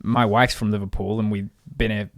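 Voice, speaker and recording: A man's voice: on the low side, flat delivery, brisk, no echo. Chatty northern English man, dry sound. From northern England. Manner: chatty and rambling, swears casually. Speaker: podcast co-host. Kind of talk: casual chat.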